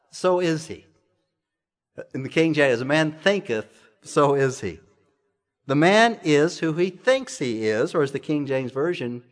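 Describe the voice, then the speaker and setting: A man's voice: fairly high pitch, a bit bright. A man preaching a sermon to his church in a conversational way, full of rhetorical questions and repeated phrases. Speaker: pastor.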